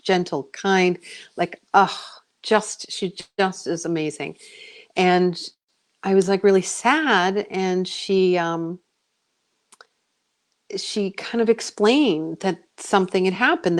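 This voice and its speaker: On a radio interview, a middle-aged American psychic medium tells a long story in a chatty, animated style, using plenty of fillers and voicing her past self. Her voice sits in the mid range.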